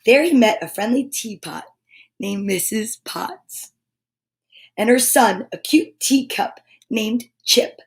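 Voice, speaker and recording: A woman reading a children's storybook aloud, animated, with gasps and asides to her listeners. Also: on the high side, slow.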